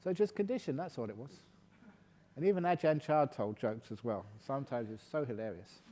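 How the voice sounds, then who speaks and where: A man giving a calm, gentle meditation talk at a retreat, slipping in playful jokes. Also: mid-range voice, a little fast, in a large hall, a little hiss or hum. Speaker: meditation teacher.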